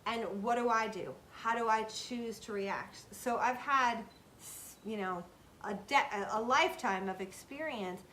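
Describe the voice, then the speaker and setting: A fairly high-voiced woman in her thirties talks straight to her viewers in a casual motivational style. She is earnest and emphatic and keeps repeating phrases to drive her point home. A faint low rumble sits under the recording. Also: measured pace, sharp tone. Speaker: self-help video host. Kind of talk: casual motivational talk to camera.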